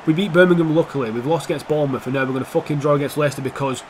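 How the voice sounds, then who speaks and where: Young man, sweary gameplay commentary, slightly high voice, faint background hiss. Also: rapid-fire, hardly any pauses. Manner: swears a lot, swings from calm play-by-play to heated outbursts. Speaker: gaming YouTuber.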